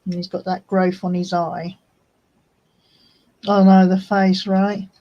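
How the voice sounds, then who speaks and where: A woman's voice: fairly low pitch, level tone, slow, lo-fi sound. A woman hosting a casual livestream chat for her craft channel, homely and chatty. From United Kingdom. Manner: chatty and homely, talks fondly to her cat.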